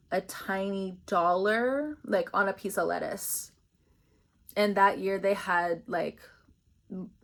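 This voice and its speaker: A young woman giving a casual, rambling spiritual reading, chatty and laughing often. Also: mid-range voice. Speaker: tarot reader.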